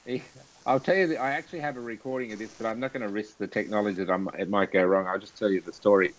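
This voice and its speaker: A man's voice: on the low side, fairly even intonation, very fast, rough recording. A man hosting a casual live chat over a video call, telling anecdotes and laughing often as he goes. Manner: chatty, laughs through anecdotes.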